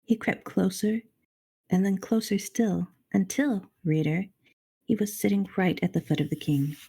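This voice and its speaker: A middle-aged woman reading a children's novel aloud on a charity livestream, expressive and addressing the reader directly. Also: mid-range voice, normal speed, gravelly, husky. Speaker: storybook reader on a charity stream.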